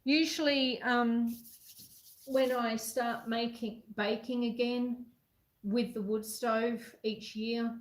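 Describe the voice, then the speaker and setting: A woman's voice: fairly high pitch, fairly even intonation, slow pace, reverberant, rough recording. An Australian woman hosting a casual live-stream baking chat from her home kitchen. She is chatty and self-deprecating, and she reads viewers' messages aloud while she cooks.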